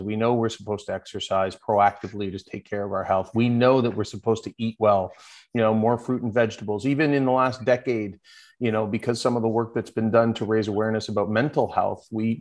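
Earnest low-voiced man as podcast guest. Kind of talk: casual interview chat.

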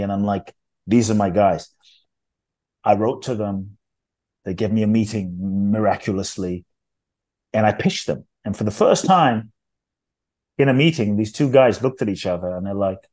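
A man's voice: lowish voice, mellow. A middle-aged man, an interview guest, telling his life story in an intense, earnest, emphatic way. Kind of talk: storytelling in conversation.

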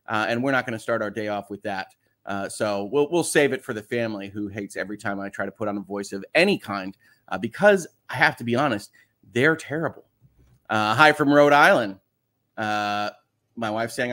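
A man's voice: medium pitch, fairly bright tone. A middle-aged man hosting a casual live stream, chatting and joking while reading out viewer greetings. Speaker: host. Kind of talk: casual livestream chat.

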